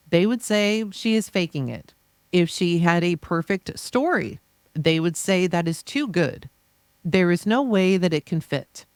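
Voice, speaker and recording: A podcast reader voicing a defense attorney's closing argument, forceful and insistent with repeated rhetorical phrases. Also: mid-range voice, no room sound, clean studio sound. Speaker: podcast reader of trial transcripts. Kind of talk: reading a courtroom closing argument aloud.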